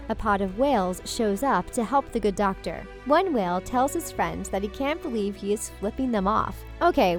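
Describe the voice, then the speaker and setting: A woman reading a scripted voice-over narration in a wry, chatty manner, speaking straight to the viewers. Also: on the high side. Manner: wry, chatty commentary addressing viewers directly. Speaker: video narrator.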